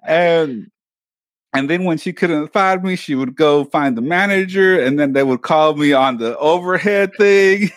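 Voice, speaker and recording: A man co-hosting a podcast, chatting casually and telling lively stories about his family. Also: fairly high pitch, unhurried, no room sound, clean studio sound. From Mexican family background. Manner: animated storyteller, mimics his mother yelling. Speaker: podcast co-host. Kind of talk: casual chat.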